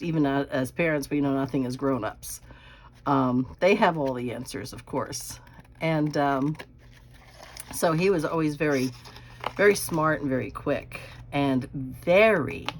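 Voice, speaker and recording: A woman, chatting folksily about her family while crafting, with soft laughs and quiet asides. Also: low voice, a little hiss or hum. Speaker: craft channel host. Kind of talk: casual chat while crafting.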